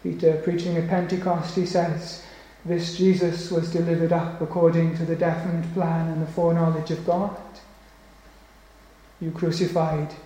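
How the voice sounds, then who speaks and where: A male preacher delivering a solemn, emphatic sermon, slowing down on key phrases. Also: fairly high pitch, little pitch movement, dark tone. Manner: solemn, emphatic, slows for weight. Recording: very echoey church hall.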